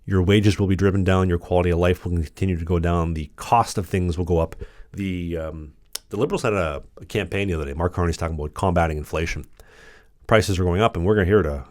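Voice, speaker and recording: Deep voiced guy doing a blunt sarcastic political rant, dry close sound. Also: fast talker, darkish tone, no echo. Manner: blunt, combative, sarcastic, repetitive. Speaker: political commentary channel host. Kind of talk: ranting political monologue.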